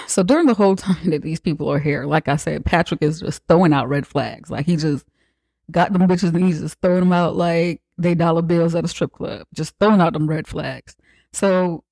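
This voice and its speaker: A podcast host giving a casual, profane, joking recap of a movie, acting out characters' lines in quick asides. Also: medium pitch, a little mellow, dry recording.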